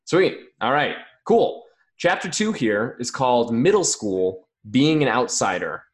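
A man hosting a relaxed interview, tossing in quick upbeat interjections and laughing easily with his guest. His voice sits at an everyday, average pitch. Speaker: host. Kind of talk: casual interview chat.

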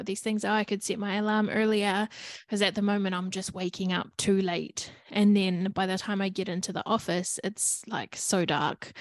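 A woman's voice: medium pitch, no echo. A woman talking candidly in a personal vlog, chatty and frank, with many fillers, sometimes acting out her own inner voice. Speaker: vlogger. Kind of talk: casual personal reflection.

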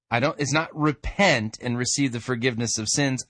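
Mid-pitched male host, scornful critique, dead-dry mic. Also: a little fast, few pauses, fairly bright tone, dry recording. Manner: blunt, scornful interjections. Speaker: host reviewing sermons. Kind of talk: critical commentary.

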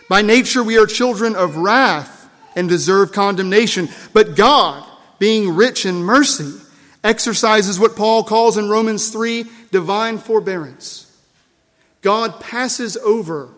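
A man preaching a sermon as pastor, emphatic and measured, repeating key phrases and letting his lines fall away softly. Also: high voice. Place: church. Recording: long reverb of a church hall.

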